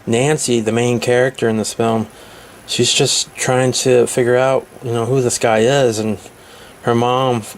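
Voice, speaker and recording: A man retelling a movie's plot in a casual review, halting often with filler pauses. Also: fairly low pitch, gravelly, slight background noise. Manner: hesitant, many filler pauses.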